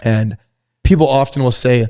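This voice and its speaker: A man's voice: mid-range voice, normal speed. A man guest on a podcast, telling a story in casual, slangy talk and acting out the people he quotes in a raised voice. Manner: animated, acts out quoted dialogue in a raised voice; laid-back slangy talk. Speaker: podcast guest, fashion brand founder. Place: host's glass studio.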